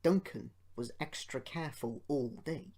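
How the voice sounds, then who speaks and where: A man reading a children's storybook aloud as an amateur audiobook narrator, in a measured, expressive way. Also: mid-range voice.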